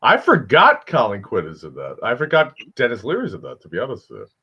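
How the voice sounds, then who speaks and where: A man's voice: mid-range voice, wildly swooping pitch, bright, forceful tone, slightly rough. A man co-hosting a casual comedy chat, asking questions and reacting bluntly with lots of swearing. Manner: blunt and profane, quick reactions. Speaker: co-host asking would-you-rather questions. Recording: dull lo-fi sound.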